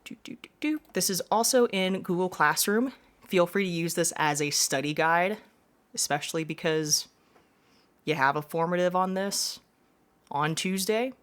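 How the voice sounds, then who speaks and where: A woman's voice: on the low side, measured pace, fairly bright tone. A woman teacher giving a classroom lesson, explaining step by step with frequent reminders.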